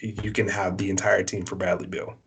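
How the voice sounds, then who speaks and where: A Canadian man co-hosting a casual sports podcast, his voice sitting fairly low. He argues his opinions bluntly, stopping often on "uh" and "um" as he goes. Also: little pitch movement, fairly quick, slightly rough. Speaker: podcast co-host.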